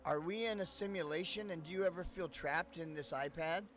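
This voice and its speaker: A man's voice: fairly high pitch, fairly quick, fairly bright tone, slight background noise. A man chatting casually on a live stream, rambling and swearing often, laughing between thoughts.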